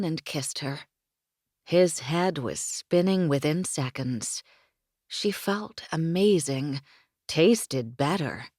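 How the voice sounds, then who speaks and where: A woman narrating a romance audiobook in a smooth, intimate storytelling manner. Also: low-pitched, no room sound, studio quality.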